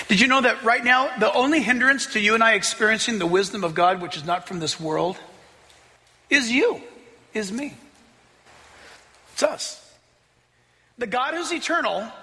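Animated high-voiced preacher, gravelly edge. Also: male voice, big-room sound. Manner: lively, playful, conversational preaching. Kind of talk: sermon.

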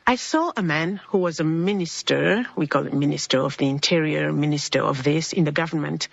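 A woman with a low, gravelly voice shares a personal faith testimony at a brisk pace, earnestly acting out the people she quotes. The recording has no echo and its highs are cut off.

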